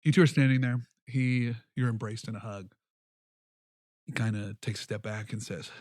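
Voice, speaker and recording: A man narrating a tabletop game as game master, relaxed and descriptive. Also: medium pitch, normal speed, no echo, clean studio sound.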